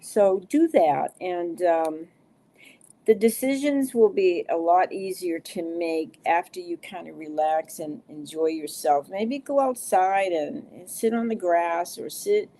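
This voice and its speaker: A woman's voice: on the low side, measured pace, mellow. A middle-aged woman giving live card readings to viewers, soothing and reassuring, with many fillers. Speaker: card reader.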